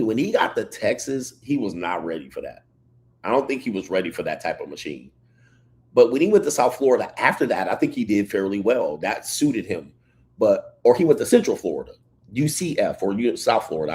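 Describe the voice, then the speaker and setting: Animated low-voiced man on a livestream. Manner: animated storytelling, reads chat comments aloud. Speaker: livestream host. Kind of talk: casual livestream commentary.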